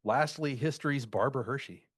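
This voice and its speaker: A man's voice: medium pitch, fairly quick, breathy edge, dry recording, clean studio sound. A man co-hosting a podcast, chatting casually and crudely, joking and saying dude a lot. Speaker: podcast co-host. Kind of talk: casual chat.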